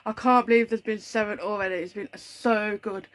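British woman, vlog host, casual and chatty, mid-pitched, rambling asides. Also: steady tone, normal speed. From United Kingdom. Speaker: vlogger host.

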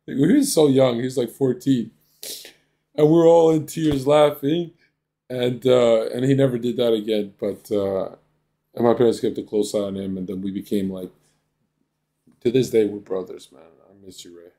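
A man's voice: medium pitch, steady tone, normal speed, warm tone. A young man from Canada hosting a casual reaction stream, telling stories in a loose, profane way.

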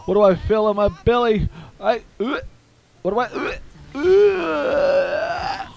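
A man voicing a powerful sorceress from a toy story, halting and startled. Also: high-pitched, dark tone, lo-fi sound, pitched above the performer's own voice.

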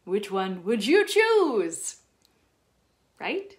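A woman vlogger talking casually to her viewers, chatty and animated as she shares personal reflections. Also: medium pitch, very slow. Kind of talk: casual talk to camera.

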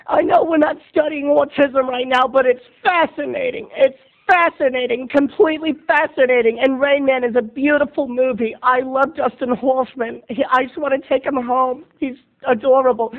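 A man voicing a flustered, prim older female schoolteacher with high, fluttery, gasping exclamations. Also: steady tone, moderate pace, few pauses. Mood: gushing. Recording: tinny lo-fi webcam audio.

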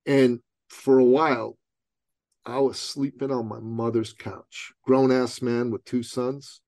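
A man's voice: medium pitch, level tone, slow pace, darkish tone, no echo. A middle-aged man from Iran, a guest telling a motivational story in conversation, emphatic and full of rhetorical questions. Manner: streetwise, calls the host "bro".

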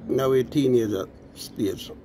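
A man's voice: mid-range voice, a little slow, dark tone, a little hiss or hum. A man with a Jamaican accent telling a story in casual patois, often adding "you know" and calling his listeners "people".

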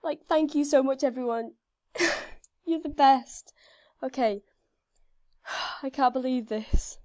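High-pitched excitable young woman gamer. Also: takes it slowly, pauses often. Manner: excitable, breathless, full of gasps and squeals. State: slightly hoarse. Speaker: gaming video creator. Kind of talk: casual gameplay commentary.

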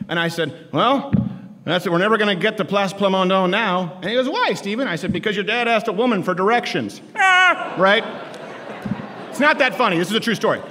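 A political commentator in his thirties delivers a stand-up style campus speech to students, joking and sarcastic, shouting his punchlines. His voice is high-pitched and fairly quick. It was recorded in a large, echoey lecture hall with a live crowd.

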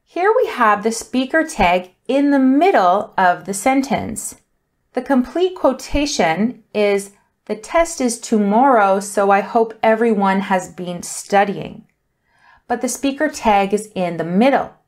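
A woman teaching an English punctuation lesson, explaining rules clearly and deliberately while reading example sentences aloud. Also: mid-range voice, lively intonation. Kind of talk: grammar lesson.

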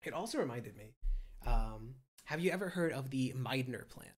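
A man hosting a casual political discussion, explaining ideas at length in a steady way with many ums. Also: mid-range voice, moderate pace. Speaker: host.

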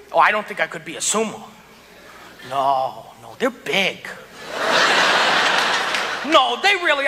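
High, lively man doing stand-up. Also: vocal fry, very noisy. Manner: animated, exclaiming, jumps into voices. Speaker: stand-up comedian. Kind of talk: stand-up comedy routine. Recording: live hall with loud audience laughter.

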